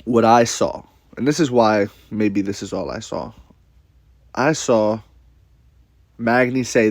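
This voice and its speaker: A man's voice: fairly low pitch, slow pace, pauses often, no room sound, studio quality. Blunt, profane man ranting casually. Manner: blunt, profane, rambling with repetitions. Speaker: commentator. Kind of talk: casual rant to camera.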